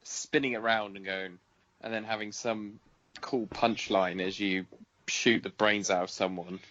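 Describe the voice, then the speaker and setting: A laid-back man speaking very slowly in a relaxed podcast conversation, flat and deadpan in delivery. His voice is mid-pitched and the recording sounds a touch muffled. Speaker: podcast co-host. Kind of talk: casual chat.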